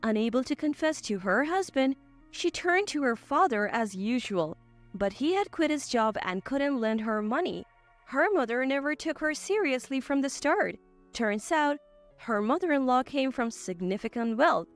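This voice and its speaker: High-voiced woman narrating a family drama. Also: moderate pace, soft background music. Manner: steady first-person storytelling.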